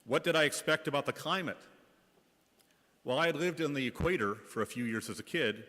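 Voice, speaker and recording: Man from the Bay Area, school principal, mid-pitched, wry anecdotal delivery in a church with long reverb. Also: lively intonation, brisk, sharp tone. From Bay Area, California. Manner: wry, anecdotal, light comic timing. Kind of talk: humorous storytelling reflection in church.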